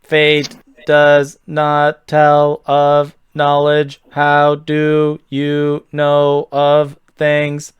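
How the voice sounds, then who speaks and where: A man voicing a robot-like voice coming through a drone's speaker, slow and halting. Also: fairly high pitch, monotone, clear, resonant tone, no echo, dull audio. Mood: stern. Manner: slow, stiff, halting speech.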